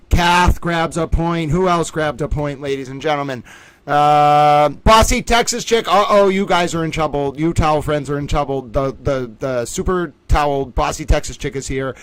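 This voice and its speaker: A man hosting a casual livestream trivia game, excitable and playful, swinging his voice up and down as he chats. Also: clear, resonant tone, no echo. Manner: excitable and playful, jumps between pitches.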